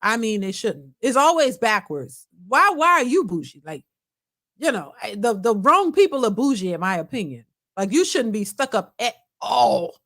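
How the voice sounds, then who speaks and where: Speaking at a normal speed and a lively pitch, a woman who runs a reaction channel comments casually on a clip. She states her opinions bluntly and says the same things more than once.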